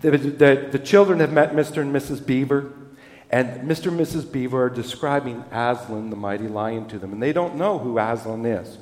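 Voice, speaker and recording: A man's voice: medium pitch, moderate pace, darkish tone, echoey room, long reverb tail. A man giving a sermon as a pastor, telling stories in a conversational, self-deprecating way.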